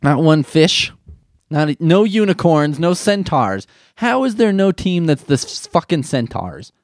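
A man's voice: a little high, big pitch swings, measured pace, no room sound, studio quality. A man riffing comedically in a rambling, sarcastic way, swearing often.

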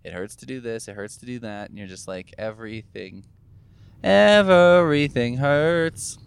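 A man's voice: fairly low pitch, steady tone, fast talker, gravelly, clean tone. A man talking casually to camera in a rambling, musing monologue, sore from recent gum surgery, swearing offhandedly as he thinks aloud. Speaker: vlogger. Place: in a car.

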